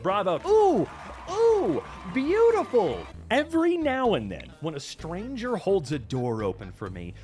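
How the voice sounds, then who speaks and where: Lively, sarcastic, swearing male streamer. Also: fairly high pitch. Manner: animated, swearing, sarcastic asides. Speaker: reaction streamer. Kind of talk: casual reaction commentary.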